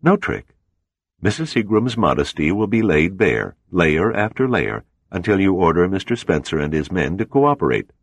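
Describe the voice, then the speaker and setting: A man voicing a suave, cold Soviet officer who talks with unhurried, mocking menace. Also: low voice, big pitch swings, gravelly, no echo, voice pushed up, heavily acted.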